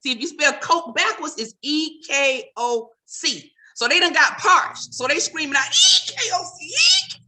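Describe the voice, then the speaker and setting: A woman's voice: sits high, moderate pace, few pauses. A woman comedian doing stand-up, talking straight to her audience and teasing them. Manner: animated, teasing direct address to the audience.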